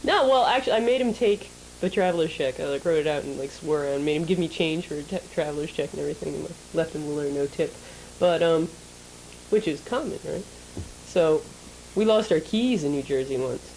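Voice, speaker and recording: A woman co-hosting a casual chat show, telling an animated story, laughing often and acting out the people in it. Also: deep voice, fairly quick, slight background noise, rough recording. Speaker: show co-host.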